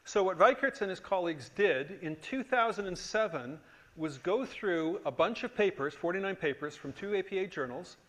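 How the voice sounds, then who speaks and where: A man's voice: high voice, a bit bright. A middle-aged man teaching a conference tutorial, emphatic and joking, often checking that the room agrees. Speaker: workshop instructor. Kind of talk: lively conference tutorial lecture.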